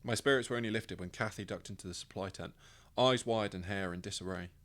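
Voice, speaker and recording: Low-voiced man reading a story. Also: fast talker, fairly bright tone. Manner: dry, wry storytelling. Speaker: author reading his own story. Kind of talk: first-person scripted narration.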